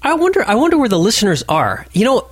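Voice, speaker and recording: A man's voice: high-pitched, wildly swooping pitch, fast talker, breathy edge, no room sound. Playful man hosting a podcast. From Colorado. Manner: teasing, playful. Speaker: podcast host. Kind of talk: casual chat.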